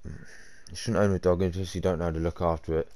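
Man, low and mellow, casual slangy game commentary, a little rambly. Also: flat delivery, fairly quick. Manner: chatty, rambling, slangy and blunt. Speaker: gamer streamer.

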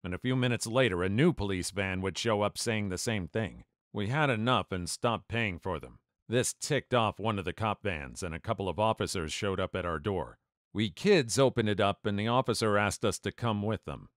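A man doing scripted story narration in an animated way, acting out the dialogue. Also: on the low side, normal speed, no room sound, clean studio sound.

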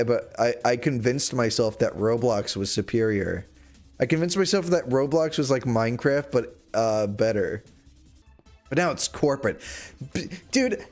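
A young man livestreaming a game, chatting to his viewers in a rambling way and bursting into mock-outraged shouts. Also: mid-range voice. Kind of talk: casual gaming livestream chat. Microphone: desk microphone.

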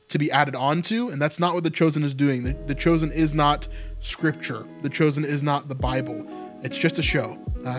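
A man hosting his own channel, commenting casually on an interview clip, talking loosely with lots of fillers and repeated words. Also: a little high. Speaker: channel host.

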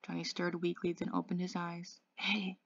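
A woman working as an English tutor, reading a novel aloud in a measured, even storytelling voice. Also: fairly low pitch, gravelly, dry recording. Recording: dull lo-fi dry audio.

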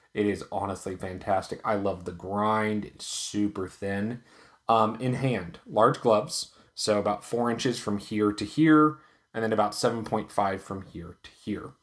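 Chatty low-voiced man reviewing gear. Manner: relaxed, chatty, many ums and uhs. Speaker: knife reviewer and channel host. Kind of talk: casual product review vlog.

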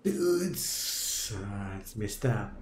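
A young South African man streaming a video game, talking casually to his viewers, muttering at times and loudly dismayed at others. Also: fairly low pitch, lively intonation, extremely slow, roomy sound, slight background noise. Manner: talks to viewers as "dudes" and "boys", swings from muttering to loud dismay. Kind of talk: casual live gameplay commentary.

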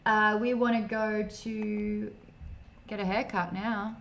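A woman's voice: medium pitch, fairly even intonation, slow pace, gravelly, fairly bright tone, highs cut off. A woman streaming an old computer game in casual, self-mocking commentary, reading game text aloud as she plays.

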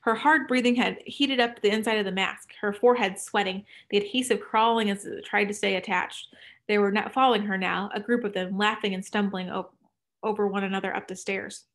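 Woman audiobook narrator, measured reading, hushes in tense passages, mid-pitched. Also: fairly even intonation. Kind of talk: scripted narration.

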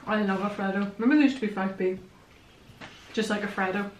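A young woman with a Northern Irish accent, chatting casually and excitably while tasting snacks at home. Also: medium pitch, fast, slight background noise. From Northern Ireland. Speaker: vlogger. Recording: echoey room, mic at a distance.

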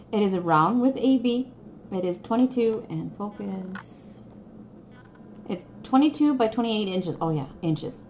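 Giggling, an excitable crafting vlogger chats casually with her viewers while unboxing, her voice swooping high and low. An echoey room and a faint background hiss surround her.

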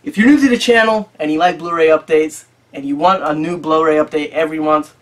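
A man's voice: a little high, fairly quick. A man hosting a casual video about his disc collection, rambling and joking with frequent swearing. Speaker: YouTube collector channel host. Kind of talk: casual chat.

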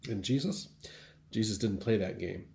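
A man's voice: fairly low pitch, normal speed, gravelly, a little mellow, a little hiss or hum. A man, a pastor, gives a short sermon-style church news update, telling a story wryly with shifts in volume for emphasis.

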